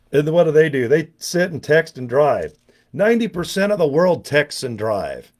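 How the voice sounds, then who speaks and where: A man's voice: fairly high pitch, sing-song, normal speed. A man in his sixties talking casually to camera in a rambling, joking monologue full of self-mocking asides. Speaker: online business vlogger.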